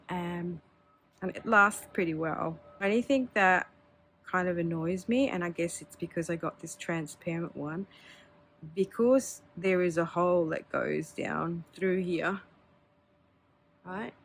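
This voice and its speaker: This pen hobby vlogger, a woman with a fairly low pitch, presents her pens in a casual, candid show-and-tell full of filler words and small laughs. She speaks slowly but in an animated way.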